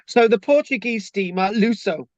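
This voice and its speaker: A man's voice: sits high, moderate pace, dry recording. A man gives a casual, rambling history talk with many fillers and jokes. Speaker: local historian presenter. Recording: dull lo-fi dry recording.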